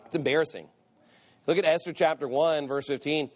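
Brisk and steady in tone, a somewhat high-pitched man's voice carries a pastor's sermon. He hammers points with repeated phrases, speaks emphatically, and reads scripture in King James wording.

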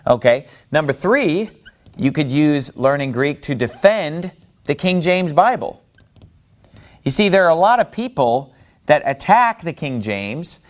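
A man giving a persuasive Bible-study teaching talk, emphatic and argumentative, with frequent rhetorical questions. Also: mid-range voice.

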